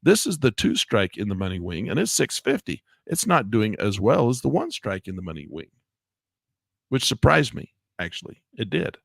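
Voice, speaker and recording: A man teaching a live options trading lesson in a chatty way, grumbling at his software and jumping high when exasperated. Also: sing-song, normal speed, vocal fry, dry recording, studio quality. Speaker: trading instructor.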